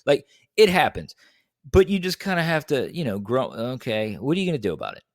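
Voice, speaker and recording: A young man in a casual podcast chat, telling a story in an animated way and acting out quotes in a higher voice. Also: fairly quick, no echo, studio quality. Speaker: podcast co-host.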